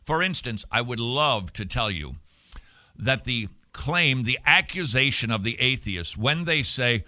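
Very bright, energetic male radio host. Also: medium pitch, no room sound, studio quality. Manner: energetic and animated, with quick joking asides. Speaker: radio talk show host. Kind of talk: radio talk show monologue.

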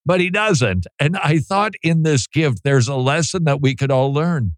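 A man's voice: fairly high pitch, animated, moderate pace, dry recording. A man hosting a radio program, talking in a casual, joking way and laughing often. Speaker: radio host.

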